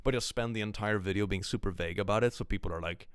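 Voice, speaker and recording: A man's voice: on the low side, fast talker, smooth, no echo, studio quality. Joking, rambling male streamer. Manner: joking, rambling, laughs often. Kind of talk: casual chat with viewers.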